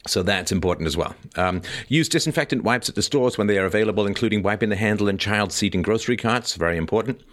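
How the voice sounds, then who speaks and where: A man's voice: lowish voice, fast, few pauses, a bit bright. A middle-aged man hosting a live stream, reading out advice and breaking off into chatty joking asides. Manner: chatty, joking asides between read-out points. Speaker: podcast host.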